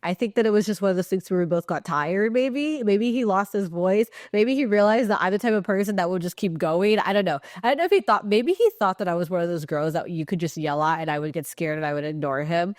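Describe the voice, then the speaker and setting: A young woman from Texas chats on a podcast, retelling a story with lively, expressive delivery. She jumps up in pitch to act out what people said and swears without a second thought. Her voice sits at a middling pitch and comes through a close, dry mic with no room sound. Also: fast, hardly any pauses, no room sound. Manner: animated, swears freely, acts out quotes with big pitch jumps. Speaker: podcast co-host. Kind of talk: casual storytelling chat.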